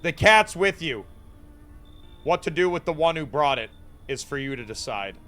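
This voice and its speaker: A man voicing a cryptic, foreboding male seer who speaks in slow, archaic, portentous phrases. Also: on the high side, sing-song, fairly bright tone, faint music behind. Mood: ominous.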